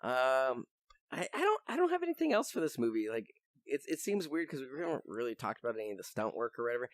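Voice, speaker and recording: A young podcast host with a mid-range voice talks fast, pitch swinging widely, with no room sound. In casual chat he rambles with lots of fillers, swearing now and then as he gets worked up.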